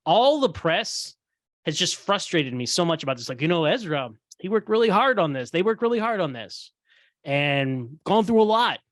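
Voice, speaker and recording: A man with a high voice hosts a casual roundtable podcast, getting heated and animated as he talks. He mimics other people's voices, and the sound is dry and close to the mic. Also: brisk, no room sound. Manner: acts out quoted voices. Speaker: podcast host.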